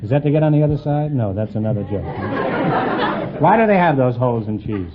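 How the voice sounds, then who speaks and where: Quiz show guy cracking jokes at the couple, muffled old recording w loud hiss. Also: medium pitch, animated, over a noisy crowd. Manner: teasing, quick punning asides. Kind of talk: wisecracking quiz show banter.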